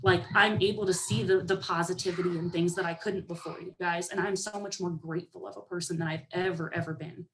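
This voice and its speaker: A young woman giving a lively pep talk to her team, sassy and animated, often acting out other people's voices. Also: on the low side, fairly quick, few pauses, background noise. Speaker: motivational speaker to a sales team.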